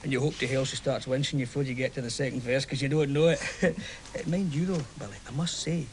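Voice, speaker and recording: An actor with a Glaswegian Scottish accent playing a chatty, romantic football fan who tells a story with lively swings into hushed tones. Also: male voice, mid-range voice, brisk, a little hiss or hum, close to an everyday voice. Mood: warm storytelling. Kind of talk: stage play acting.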